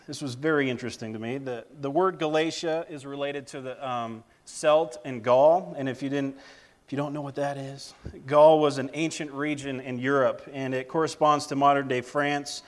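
Man, lay preacher, direct, halting sermon delivery, average pitch. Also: fairly even intonation. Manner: plainspoken, halting, many fillers and restarts.

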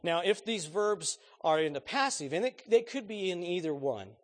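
A man's voice: high voice, sing-song, normal speed. A man preaching a sermon in an earnest, conversational way, putting questions straight to his congregation.

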